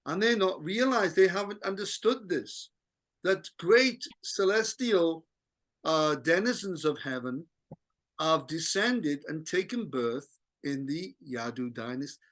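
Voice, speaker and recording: A man with a notably high voice leads a scripture reading group. He explains earnestly, often restarting phrases and padding them with fillers. He sounds like he is on a video call. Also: animated, unhurried, a bit bright. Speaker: scripture class leader.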